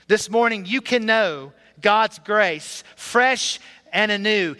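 A man's voice: high voice, lively intonation, measured pace, bright, forceful tone. A man from Alabama preaching a sermon in a church, telling his own story earnestly and breaking into song at times. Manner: earnest storytelling with sung passages. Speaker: pastor. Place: church sanctuary. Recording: hall reverb.

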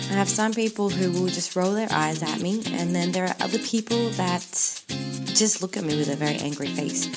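A middle-aged woman hosting a faith-based podcast, talking earnestly and reflectively with frequent ums. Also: fairly low pitch. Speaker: podcast host.

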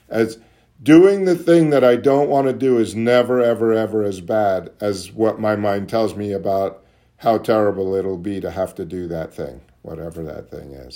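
A man candidly sharing at a recovery meeting, questioning himself aloud and dropping soft and low when he voices his inner thoughts. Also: normal speed. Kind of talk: candid personal talk.

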